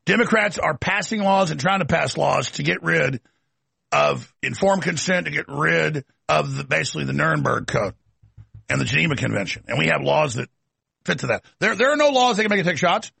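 A man's voice: on the high side, expressive, fairly quick, vocal fry, pushed and bright, breathy edge, dry recording. A middle-aged male talk show host delivering a ranting, emphatic political monologue.

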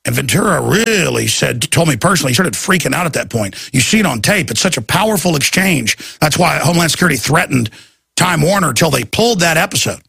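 A man hosting a talk radio show, ranting in an intense, rapid-fire, urgent way. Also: a little high, animated, creaky, sharp tone, husky, no room sound, studio quality.

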